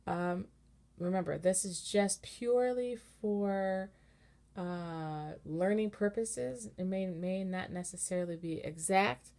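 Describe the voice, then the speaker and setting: A woman cantor giving a relaxed, patient lesson on chanting, explaining step by step and singing short chanted examples. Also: mid-range voice, slow pace. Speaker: cantor teaching Torah chanting. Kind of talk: informal online lesson with sung examples.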